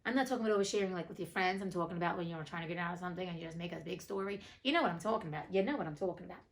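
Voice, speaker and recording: A woman's voice: fairly low pitch, very fast, low-quality recording. Chatty woman reading fairy tales aloud. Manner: chatty, blunt asides with swearing. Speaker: reader and host. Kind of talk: fairy tale reading with casual commentary.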